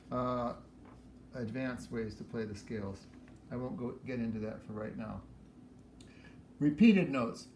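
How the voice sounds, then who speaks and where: A man teaching piano, explaining practice methods for scales in a relaxed way while he demonstrates. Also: mid-range voice, slight background noise. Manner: relaxed, explains while playing and counting aloud. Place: room with a piano. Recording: echoey room with piano playing.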